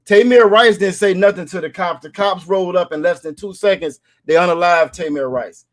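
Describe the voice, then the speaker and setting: A man's voice: sits high, fairly quick. A man hosting a casual commentary podcast, talking emphatically, repeating phrases and asking "you feel me?". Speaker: show host.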